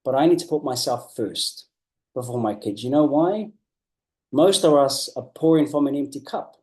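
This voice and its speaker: A man giving a motivational coaching talk, earnest and emphatic, repeating key phrases and slowing down to drive points home. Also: medium pitch, a little mellow. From New Zealand. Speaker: business coach.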